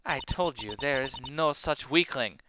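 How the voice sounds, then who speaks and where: A man's voice: medium pitch, animated, measured pace, noisy background, close to an everyday voice. A man doing a haughty accented woman prosecutor. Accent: vague put-on European accent. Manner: haughty, clipped. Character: young female prosecutor, cold and arrogant. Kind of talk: video game voice-over.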